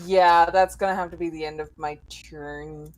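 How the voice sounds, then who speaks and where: A woman playing a tabletop game, expressive and playfully complaining, swearing freely. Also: deep voice, normal speed. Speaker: player.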